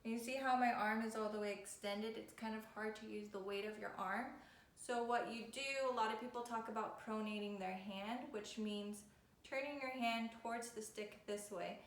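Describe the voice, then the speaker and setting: A woman's voice: medium pitch, fairly even intonation, moderate pace. A woman violin teacher giving a patient, step-by-step video lesson. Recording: echoey room with faint noise.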